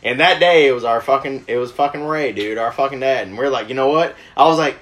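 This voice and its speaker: A man's voice: mid-range voice, quick pace, a bit bright. A young man casually telling a long story in a rambling, profane way, full of fillers like "like" and "you know". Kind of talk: casual chat.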